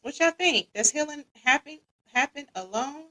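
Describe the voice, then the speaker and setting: A woman's voice: high-pitched, expressive, normal speed, sharp tone, rough recording. A woman hosting a live podcast in casual chat, reading listener comments aloud and quizzing them. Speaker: podcast host.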